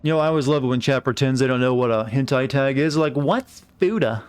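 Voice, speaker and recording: A man's voice: medium pitch, steady tone, fast talker, clear, resonant tone. Wry American man streaming a game. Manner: wry, chatty, talks to chat. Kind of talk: casual live game commentary.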